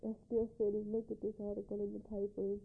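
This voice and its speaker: A young woman rambles tenderly through a spoken letter, her voice husky and gravelly. She keeps a flat, even pitch as she talks on, homey and unhurried. The sound is thin and tinny, like an old cassette tape. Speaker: young mother recording a letter to her husband.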